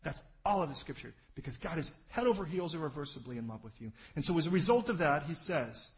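A man preaching a sermon, speaking earnestly to his congregation and building to loud, rapid lists of scripture references. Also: fairly high pitch, expressive, low-quality recording. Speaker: pastor.

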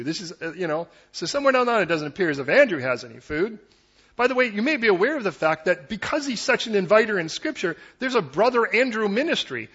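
Male pastor, high husky voice, lively conversational preaching, dull lo-fi sound. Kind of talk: sermon.

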